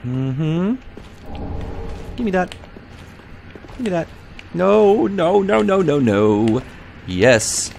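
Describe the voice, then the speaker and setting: Man streamer, unhurried but jumpy, talks himself through the game with a gravelly voice; noisy home recording. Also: high-pitched, very animated, darkish tone. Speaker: let's play livestreamer. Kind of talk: live gameplay commentary.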